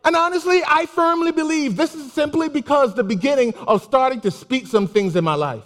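A man giving a casual, animated sermon with personal stories, laughing and exclaiming often. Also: very high-pitched, a little fast. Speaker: preacher. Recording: long hall reverb.

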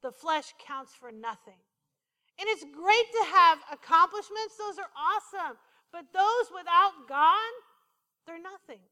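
A woman's voice: extremely high pitch, animated, measured pace, sharp tone, big-room sound. A woman preaching a sermon, playful and full of questions to the congregation.

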